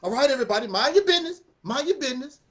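A man voicing a young man pretending to be tough and crazy to scare off a bully, loud and confrontational, repeating himself. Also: very high-pitched, big pitch swings, rapid-fire. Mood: taunting.

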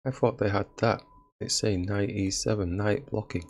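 A man's voice: fairly low pitch, steady tone, normal speed, slightly rough. A man giving casual commentary on his own chess game, laughing at his own blunders. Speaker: chess streamer.

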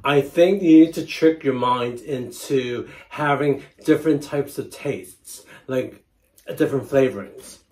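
Slow, easygoing man host. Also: medium pitch, a little mellow. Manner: unhurried, hesitant, trailing off. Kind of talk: casual chat.

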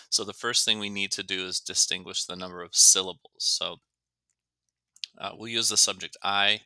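A man with a fairly low, creaky voice that sounds pushed and bright teaches an English lesson with no echo. He explains grammar slowly and carefully, stretching out words to demonstrate how they're pronounced.

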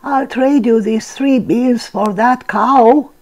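A woman's voice: fairly high pitch, takes it slowly, a little mellow, pitched above the performer's own voice. A sly old woman coaxes a trade in a slightly raised, persuasive voice, played by an older woman reading aloud. She sounds like a storybook trickster with a secret. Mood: coaxing.

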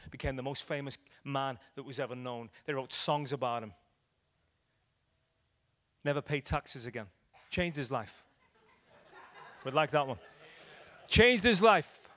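A male evangelist preaching a sermon, telling stories with acted quotes and swinging between loud declarations and hushed moments. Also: mid-range voice, fairly even intonation, moderate pace. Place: church hall.

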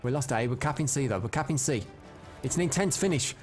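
Man, live game streamer, mid-pitched voice, excitable, quick to blow up, faint music behind. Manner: excitable, swings into loud frustrated outbursts; chats to viewers and reads out their comments. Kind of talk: live gameplay commentary.

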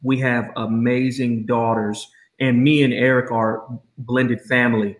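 A man's voice: mid-range voice, level tone, a little slow. A middle-aged man hosts a podcast with an enthusiastic, encouraging manner and a mid-range voice. He restarts his sentences often. The sound is roomy, with noticeable echo. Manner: enthusiastic, encouraging, repeats words when he starts a thought. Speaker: podcast host. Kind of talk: podcast interview. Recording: roomy echoey room.

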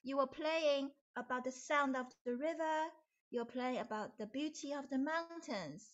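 A woman's voice: high-pitched, measured pace, muffled recording. A woman voicing a humble young male woodcutter, speaking earnestly and plainly. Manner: earnest, plain and warmly insistent.

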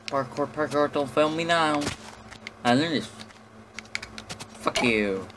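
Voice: medium pitch, expressive, slow, heavy background noise. A gamer giving casual, jumpy commentary on his own play, with lots of swearing, panicked yelps and idle humming. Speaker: lets-play host.

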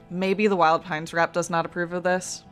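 A young woman playing a game on a stream, chatting casually, playful and quick to react. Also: on the low side. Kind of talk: casual chat while gaming.

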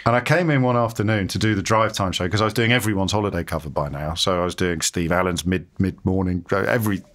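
A man's voice: low-pitched, fast, a bit bright. A man, interviewed in a casual chat, telling his career stories in a chatty, self-deprecating way, acting out the voices of people he quotes. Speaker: interviewee, radio presenter.

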